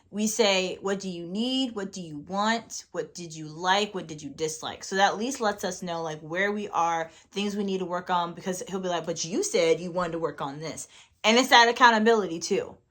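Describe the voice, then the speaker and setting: A woman's voice: mid-range voice, fairly bright tone. A woman co-hosting a faith-based podcast with her husband, talking in an earnest, encouraging way about relationships. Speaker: podcast co-host. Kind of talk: faith-based casual chat.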